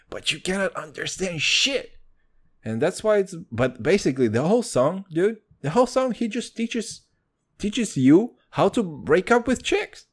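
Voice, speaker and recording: A young man hosting a podcast in a casual, excitable chat, swearing freely and calling everyone "dude". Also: on the high side. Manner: excitable, profane, says "dude" constantly. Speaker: podcast host.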